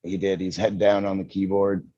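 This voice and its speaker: A man's voice: sits low, flat delivery, normal speed, mellow, no room sound, dull audio. A man in a casual podcast chat, laid-back and teasing. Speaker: podcast panelist.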